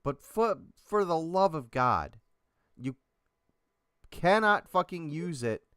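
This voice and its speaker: Ranting man with a lively pitch. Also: slow pace, clear, resonant tone, no echo, studio quality. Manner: emphatic, ranting, provocative. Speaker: podcast co-host. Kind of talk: casual chat.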